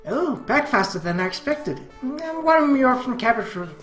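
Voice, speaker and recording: A man voicing a gentle, lightly teasing young woman, recorded in a roomy space with faint music. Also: extremely high pitch, very animated, moderate pace, voice pushed up, exaggerated voice.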